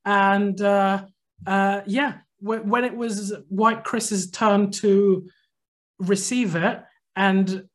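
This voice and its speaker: In a high voice and at a very slow pace, a male podcast co-host tells a long anecdote in a casual chat. He's animated throughout, acting out what people said.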